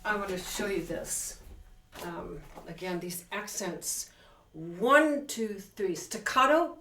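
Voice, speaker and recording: A woman's voice: mid-range voice, takes it slowly, recorded from a distance. A woman teaching piano, counting beats and singing rhythms aloud while she plays, emphatic and enthusiastic about accents and articulation. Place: room with a piano. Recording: roomy, from off-mic, loud piano. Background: piano playing.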